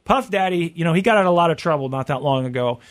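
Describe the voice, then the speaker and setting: A man's voice: on the high side, lively intonation, fast talker. A man hosting a casual podcast chat, rambling and joking as he talks. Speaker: podcast host.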